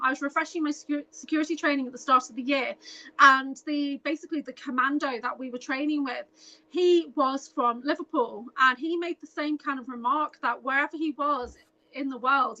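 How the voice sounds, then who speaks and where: A woman's voice: sits high, sharp tone, muffled recording. A woman guest on a podcast, chatting casually and telling a personal story in a conversational way.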